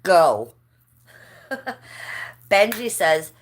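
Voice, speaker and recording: A woman's voice: on the low side, normal speed. Chatty woman livestreaming gossip. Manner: chatty, gossipy, laughs often. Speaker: livestream host. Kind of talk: casual livestream chat.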